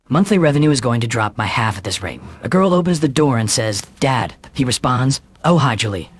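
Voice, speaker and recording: Male narrator, rapid-fire scripted recap, slightly husky, mid-pitched. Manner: rushed, even delivery with quick quoted dialogue. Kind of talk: fast scripted story recap, reading all parts.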